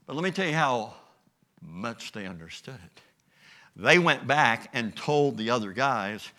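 A man preaching a sermon, telling the story with lively energy and bits of acted dialogue. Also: mid-range voice, a little slow. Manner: animated storytelling with acted voices. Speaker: pastor.

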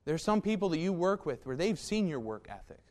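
A man's voice: on the high side, big pitch swings, quick pace. A man preaching a sermon in a folksy, emphatic way, with asides to the congregation.

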